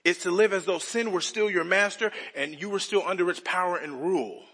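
This male pastor preaches a little fast, giving an earnest expository sermon heavy with rhetorical questions. His voice is bright, slightly husky and fairly high. The recording carries the long reverb of a large church sanctuary.

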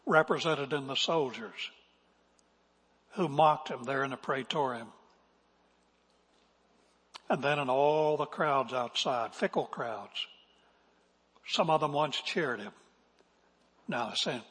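A man's voice: mid-range voice, expressive, slow pace, pauses often, fairly bright tone, husky. A male pastor giving an earnest, emphatic sermon, now and then acting out quotes. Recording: long reverb of a large hall.

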